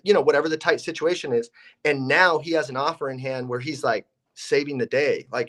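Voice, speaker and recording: A man's voice: medium pitch, steady tone, fairly quick, fairly bright tone. A young man, a real estate investor and agent, telling stories casually and acting out his phone calls with realtors. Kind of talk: casual podcast storytelling.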